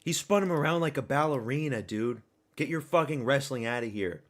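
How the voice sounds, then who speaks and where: A man reacting live to a fight at a watch party, excitable and profane, erupting into shouts. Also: medium pitch, a little fast.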